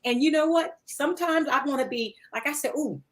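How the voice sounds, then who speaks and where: A woman's voice: high-pitched, brisk, poor audio. A woman hosting a podcast, chatting playfully and laughing often into a headset mic. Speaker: podcast host. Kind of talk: casual chat. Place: studio under lights.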